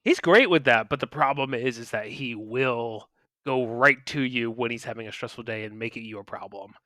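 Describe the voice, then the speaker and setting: Male podcast co-host, smooth and bright, dry close mic; loose, filler-heavy storyteller. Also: medium pitch, moderate pace, no echo. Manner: rambling anecdotes, filler-heavy. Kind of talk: casual chat.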